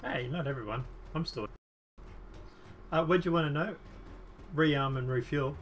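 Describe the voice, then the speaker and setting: A man streaming a game, talking to his friends in a halting, half-distracted way. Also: fairly high pitch, slight background noise. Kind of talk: casual chat while streaming.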